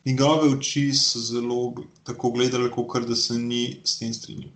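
A male learner translating phrases aloud in a lesson, his voice at an ordinary middle pitch. He hesitates and breaks off mid-phrase, feeling his way toward each translation. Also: little pitch movement, a little fast, fairly bright tone. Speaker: language learner.

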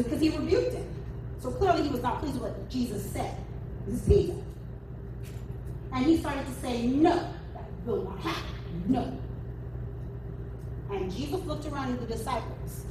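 A woman preaching a sermon at a church women's event, lively and humorous, with playful asides. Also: sits high, normal speed, pauses often. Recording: echoey room from far off, noisy.

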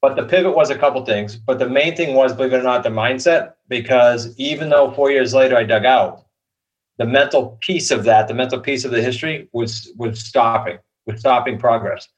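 A man's voice: mid-range voice, brisk. Guy in his 50s talking thoughtfully, kinda muffled lo-fi sound. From Boston area. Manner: reflective, conversational. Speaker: podcast guest. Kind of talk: interview answers.

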